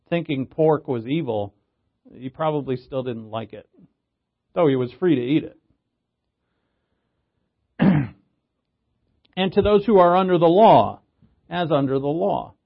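A man's voice: fairly high pitch, lo-fi sound. A man teaching a Bible passage in a casual, conversational way, often checking in with "right?". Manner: conversational, frequent "right?" check-ins, restarts. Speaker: preacher.

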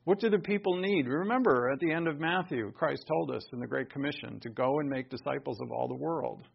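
A man preaching a sermon, stressing key words with sudden loud bursts and dropping into quiet asides. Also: mid-range voice, brisk, vocal fry, breathy edge, highs cut off. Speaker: pastor.

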